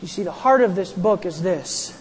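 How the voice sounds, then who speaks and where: A pastor preaching a sermon in a church, animated, acting out quotes and raising the voice for emphasis. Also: mid-range voice, normal speed, a little hiss or hum. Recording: long hall reverb.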